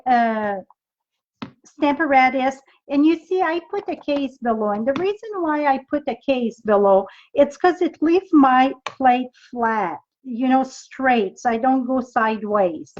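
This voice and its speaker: Demonstrating card making on a live stream, this French-accented, middle-aged French Canadian woman talks to her viewers and thinks out loud. She has a high, unhurried voice with lively intonation and a slightly mellow quality, captured in lo-fi sound.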